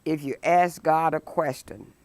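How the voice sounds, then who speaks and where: Her deep, slightly mellow voice carries no echo as this woman pastor teaches a midweek Bible study. She delivers the sermon emphatically, dwelling on key phrases with deliberate stress and reading scripture with dramatic power.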